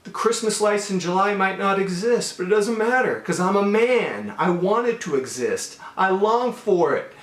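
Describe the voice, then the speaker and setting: A man's voice: high voice, expressive, moderate pace, hardly any pauses, echoey room. A man in his fifties talking casually to his viewers in a rambling, storytelling way, drifting into asides. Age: 50s. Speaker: watch vlogger. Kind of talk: casual monologue to camera.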